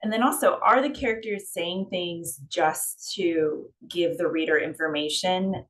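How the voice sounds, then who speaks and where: A woman's voice: on the low side, unhurried, fairly bright tone, slight background noise. A woman editor explaining writing tips in a loose, conversational way.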